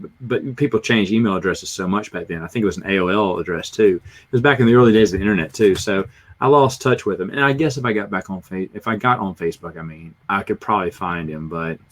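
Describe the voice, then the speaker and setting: A middle-aged man with a Southern US accent, chatting casually and rambling through stories on a livestream in a self-deprecating way. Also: deep voice. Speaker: livestream host. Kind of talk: casual rambling chat, reading comments.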